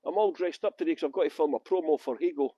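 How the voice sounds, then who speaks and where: A man from West Yorkshire leads a live-streamed walking tour outside on city streets, joking with his viewers and greeting them by name. His voice sits high for a man, and it comes across close and dry with hardly any reverb. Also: fast, dark tone, breathy edge. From Halifax, West Yorkshire, England. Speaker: tour guide.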